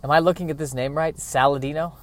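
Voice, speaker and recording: A man riffing comedically as a podcast host, animated and self-interrupting. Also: a little high, quick pace.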